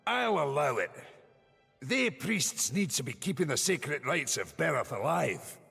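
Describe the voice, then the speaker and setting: A man voicing a grim undead skeleton warrior in a game, speaking in a gravelly, slow, solemn way. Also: fairly high pitch, big pitch swings, pushed and bright, full character voice. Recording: long reverb with faint music.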